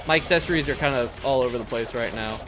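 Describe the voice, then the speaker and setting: A man's voice: medium pitch, quick pace. A young man casually chatting and swearing while he streams a game. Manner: chatty, swears often, rambling. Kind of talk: casual gameplay commentary. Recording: game music behind.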